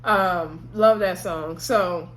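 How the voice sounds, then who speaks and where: A woman's voice: fairly low pitch, extremely slow, fairly bright tone. A woman casually recapping a TV episode, chatty, with sassy exclamations and asides.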